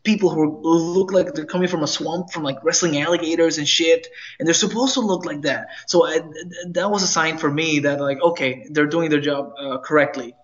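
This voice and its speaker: A man's voice: on the high side, steady tone. Rambling man on a lo-fi podcast. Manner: rambling, halting restarts. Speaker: podcast co-host. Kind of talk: casual chat. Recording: dull lo-fi podcast audio.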